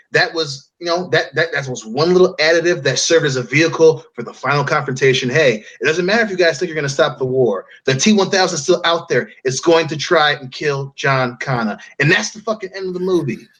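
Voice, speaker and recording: A man's voice: on the high side, a little fast, few pauses, a bit bright. A man co-hosting a podcast in casual chat, ranting with heavy swearing and emphatic repetition. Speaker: podcast co-host.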